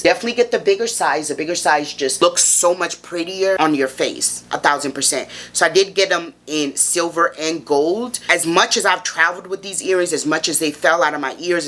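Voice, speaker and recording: A woman's voice: low-pitched, fairly bright tone. A woman vlogger in a casual, chatty haul review, gushing and playful as she talks straight to her viewers. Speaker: fashion vlogger.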